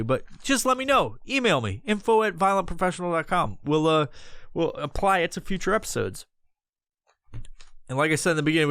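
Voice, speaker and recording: A man's voice: medium pitch, fairly bright tone, smooth, no room sound, clean studio sound. A man hosting his own podcast alone, rambling off the cuff in a casual, heavily profane monologue. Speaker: podcast host.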